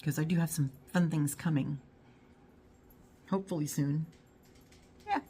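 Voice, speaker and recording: A middle-aged woman with a low-pitched voice chats casually to her viewers. She rambles from one thought to the next in an easygoing way. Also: measured pace, mellow, slightly rough. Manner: rambling and chatty, talks to her dog. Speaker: YouTube haul vlogger. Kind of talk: casual chat to camera.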